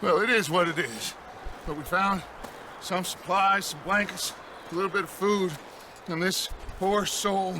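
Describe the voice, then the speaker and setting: An actor playing a commanding older outlaw gang leader who speaks with calm, measured authority. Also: male voice, high voice, slight background noise.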